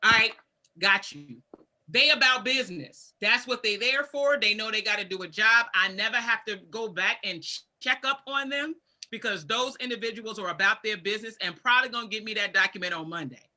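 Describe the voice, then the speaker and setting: A woman's voice: fairly high pitch, a little fast, sharp tone. A woman co-hosting a casual panel talk show, giving practical advice and repeating her key points. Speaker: podcast co-host.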